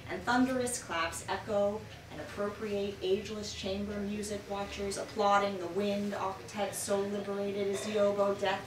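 A woman poet giving an expressive poetry reading in a bookshop, her loudness swinging dramatically between lines. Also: mid-range voice. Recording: roomy and distant with background noise.

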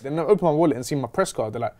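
Animated man telling a story. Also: mid-range voice, very fast. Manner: animated, slangy, retelling with quoted dialogue. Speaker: host. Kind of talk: casual storytelling chat.

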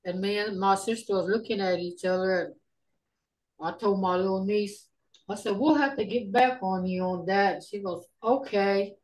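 A middle-aged woman teaching a casual online language class over a video call, unhurried and folksy, thinking aloud with many ums. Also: medium pitch, darkish tone, poor audio.

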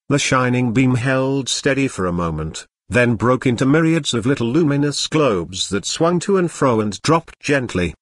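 Male computer voice narrating a novel; husky tone, dry and close, pitch swings a lot. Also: no room sound. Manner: synthetic, even cadence with odd stresses. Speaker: audiobook narrator. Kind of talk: text-to-speech reading of a novel.

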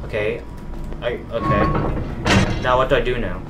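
A young man streaming a horror game, reading diary notes aloud and muttering to himself as he explores. He is jumpy, swearing and yelping at the scares. His voice sits at a mid pitch over faint background ambience. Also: steady tone, a little slow, long pauses, a bit bright, a little hiss or hum. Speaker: gameplay streamer.

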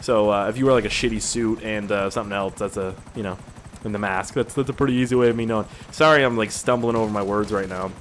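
A man's voice: on the low side, fairly even intonation, fast talker, a little hiss or hum. Young man rambling over gameplay. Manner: rambling, profane, easily amused. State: tired. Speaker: gaming video creator. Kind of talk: casual gameplay commentary.

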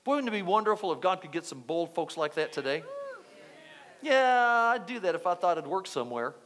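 A male pastor preaching a sermon, telling a story with lively acted-out quotes. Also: fairly high pitch, fast. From United States. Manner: animated storytelling, acting out quotes.

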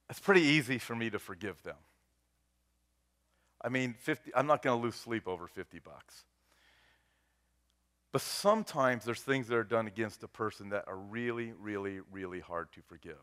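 A man preaches a sermon in a mid-pitched voice, speaking as a pastor to his congregation. He talks earnestly, building to loud, rising appeals and then sinking to soft, hushed lines. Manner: earnest preaching that swells loud and drops to a hush.

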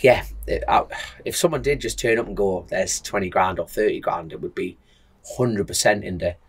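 A man's voice: lowish voice, moderate pace, husky. A man co-hosting a motorbike podcast, telling rambling stories full of fillers in a casual chat. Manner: rambling, lots of fillers, animated storytelling. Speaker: podcast co-host and motorbike racer.

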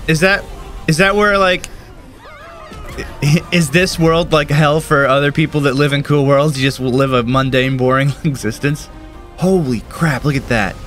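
A man's voice: fairly high pitch, steady tone, normal speed, a bit bright, faint music behind. A young man gushing and exclaiming as a gaming YouTuber reacting to a trailer.

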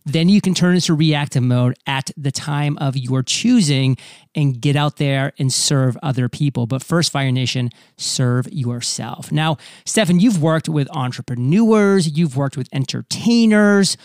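Male podcast host; emphatic, speaks straight to listeners in a slightly high voice, dry close sound. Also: unhurried, darkish tone, no echo. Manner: emphatic, addresses listeners directly. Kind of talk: energetic podcast hosting.

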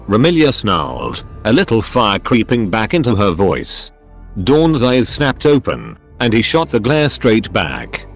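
A synthetic male voice narrating a story in an even, mechanical reading. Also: lowish voice, measured pace, faint music behind.

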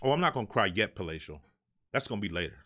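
A man's voice: lowish voice, big pitch swings, rapid-fire, a bit bright. Fired-up profane man ranting on a live stream. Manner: profane, exasperated, preachy. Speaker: live show host.

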